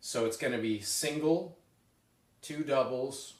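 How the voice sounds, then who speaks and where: A man teaching a drum lesson, explaining a rudiment exercise in a relaxed way with fillers and restarts, recorded from a distance. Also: medium pitch, takes it slowly. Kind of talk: spoken music lesson with demonstrations. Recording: roomy, mic set back. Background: drums and metronome.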